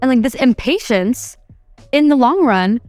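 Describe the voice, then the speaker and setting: A young woman talks through her solo podcast in a loose, chatty way, filling her sentences with "like" and slipping into quick impressions of herself. Her voice sits a bit high, and the sound is dry and close. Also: animated, a little mellow, no echo, soft background music. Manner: chatty, says "like" constantly, quotes herself in little acted bits. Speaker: podcast host.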